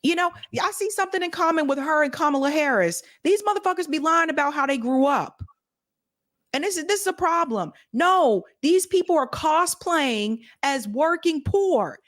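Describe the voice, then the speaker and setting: A woman's voice: high-pitched, lively intonation, moderate pace, a bit bright. A woman co-hosting casual political commentary, blunt, incredulous and openly profane. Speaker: co-host.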